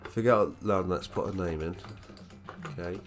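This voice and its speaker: Speaking in a Black Country accent, this man chats casually on a live stream as he plays, swearing freely and laughing often. His voice is low and his speed is normal.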